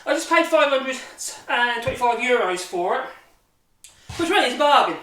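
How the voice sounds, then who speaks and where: A man's voice: very high voice, lively intonation, normal speed, pushed and bright. A man chatting casually in a home workshop vlog, rambling and correcting himself as he talks through a machine. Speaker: hobby woodworker showing a machine. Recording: echoey room, distant mic, noisy background.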